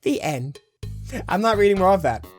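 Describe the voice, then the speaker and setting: A man's voice: sits high, very animated, moderate pace, faint music behind. A man hosting a comedy video, making exasperated, giggly asides. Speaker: YouTube host. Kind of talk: casual comedic commentary.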